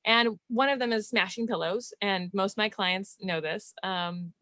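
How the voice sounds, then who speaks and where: A woman hosting a video interview, speaking candidly in a loose, animated way and laughing often. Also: mid-range voice, moderate pace, dry recording. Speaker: podcast host and relationship coach. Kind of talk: casual video interview chat.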